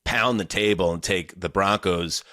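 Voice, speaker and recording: A man's voice: low voice, unhurried, noisy background. A man hosting a casual sports podcast, rambling and enthusiastic, often restarting his sentences. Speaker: podcast host.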